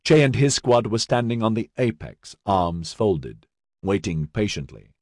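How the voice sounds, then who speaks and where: A man reads an audiobook in a measured, expressive way, delivering scripted narration. His voice sits on the low side, and the recording is dry with studio quality.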